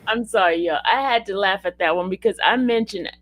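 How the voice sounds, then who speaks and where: A woman's voice: medium pitch, a little fast. A woman hosting casual commentary, chatty and talking straight to her viewers. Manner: chatty, addresses viewers as "y'all".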